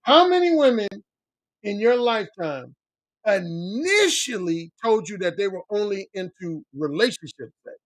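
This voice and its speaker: Answering his livestream chat, a middle-aged dating coach speaks at a measured pace with big pitch swings, and there's no echo. He's blunt, swears freely, repeats himself for emphasis, and quotes other men in a mocking high voice.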